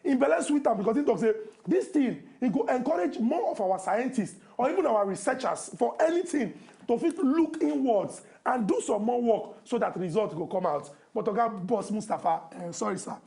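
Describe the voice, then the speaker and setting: A man's voice: extremely high pitch, animated, normal speed, creaky, dark tone. A man with a Nigerian accent, co-hosting a TV show, teasing his partner in comic banter and talking through the news in Pidgin from a studio. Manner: teasing, breaks into snatches of song. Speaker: TV co-host.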